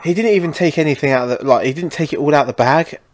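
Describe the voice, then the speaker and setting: A man's voice: a little high, very fast. Male podcast co-host, loose rambling sweary chat. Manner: sweary, rambling, lots of fillers. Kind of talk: casual advice chat.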